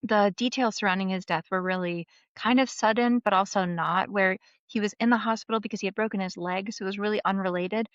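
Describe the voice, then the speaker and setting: Woman in her thirties, podcast guest, animated storyteller, dry and slightly dull lo-fi sound. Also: medium pitch, brisk, hardly any pauses, dry recording. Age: 30s. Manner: animated, warm retelling of a family story. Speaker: podcast guest, memoir author. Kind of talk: casual storytelling chat.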